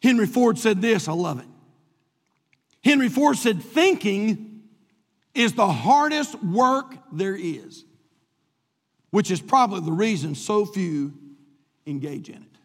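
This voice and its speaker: A man's voice: high-pitched, very animated, slow pace, pauses often. A man preaching a sermon as pastor, stretching out key words for emphasis. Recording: long reverb of a large hall.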